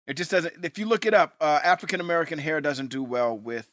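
A man in casual podcast chat, talkative and joking. His voice sits a little high and sounds bright and forceful. The recording is close and dry. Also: expressive, no room sound. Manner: talkative, joking, quick to riff. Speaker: podcast co-host.

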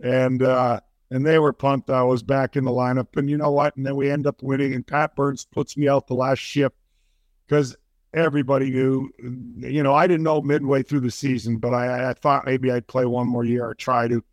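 Older man, guest storyteller, animated, restarts a lot, dry close sound. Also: medium pitch, normal speed, dry recording. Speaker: former hockey player guest. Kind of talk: storytelling interview.

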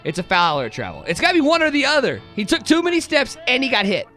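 A man co-hosting a post-game sports podcast in casual chat, excitable, often repeating words as he starts a sentence. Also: extremely high pitch, quick pace, faint music behind. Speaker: podcast co-host.

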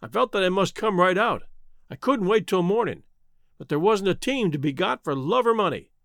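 A man's voice: high-pitched, expressive, moderate pace, creaky, fairly bright tone, no echo, studio quality, full character voice. A man voicing a sober, earnest young man, an older brother who has returned from a prospecting trip up north.

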